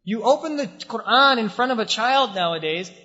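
A man's voice: very high voice, expressive, normal speed, pushed and bright. A man giving a sermon in a mosque hall, using rhetorical questions and repetition with shifting emphasis. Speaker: preacher. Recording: dull sound with long hall reverb.

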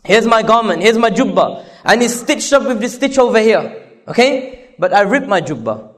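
A male preacher delivers a sermon in an earnest, repetitive way. His voice sits high for a man. He pushes up for emphasis, then falls into quiet, low asides. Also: animated, normal speed.

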